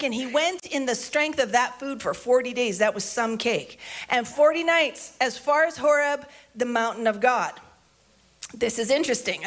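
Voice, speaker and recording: A woman with a high voice preaching a sermon. She reads scripture aloud and then breaks into lively, casual asides, switching easily between reading and chatting. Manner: animated, conversational commentary between readings.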